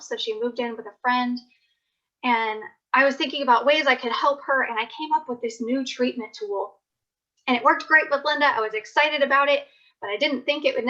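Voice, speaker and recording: A woman founder presents over a video call, telling how her venture began in an earnest way. Her voice sits fairly high and sounds bright and forceful. The call audio is muffled and lo-fi.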